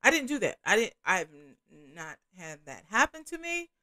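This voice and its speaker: A woman's voice: on the high side, sing-song, normal speed, sharp tone. A middle-aged woman hosting a casual adult chat, frank and candid, full of fillers and restarts. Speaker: host.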